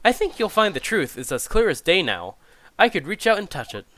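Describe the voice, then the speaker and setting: A man's voice: high voice, big pitch swings, brisk, fairly bright tone. A man voicing a forgetful male juror who rambles in an unsure way. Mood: dithering.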